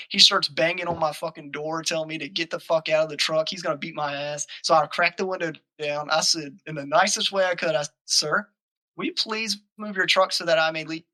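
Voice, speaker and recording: A man's voice: fairly high pitch, brisk, poor audio. A young man telling a profane story in casual chat, acting out the arguments. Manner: profane, animated, acts out quoted arguments. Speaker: podcast guest telling a story.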